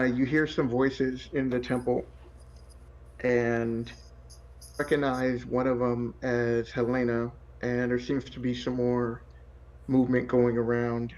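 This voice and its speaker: A man narrating as game master of a tabletop game, in a relaxed way with many fillers. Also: medium pitch.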